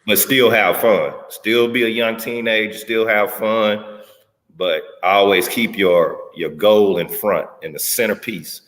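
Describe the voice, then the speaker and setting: A man's voice: lowish voice, steady tone, a little slow, fairly bright tone, big-room sound. A man in a casual talk giving earnest advice to a young player. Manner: earnest, advising.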